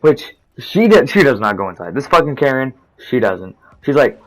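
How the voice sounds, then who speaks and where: A teenage boy talks casually over a game, telling a long story. His voice sits at an ordinary middle pitch, and he rambles, swears freely and restarts his sentences as he goes. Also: big pitch swings, moderate pace, low-quality recording. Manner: rambling, profane, restarts often. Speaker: gaming storytime narrator.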